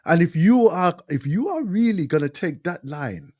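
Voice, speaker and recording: A man's voice: high-pitched, sing-song, normal speed, darkish tone, dry recording, dull audio. A man hosting a live talk radio show, delivering an impassioned monologue and repeating phrases for emphasis.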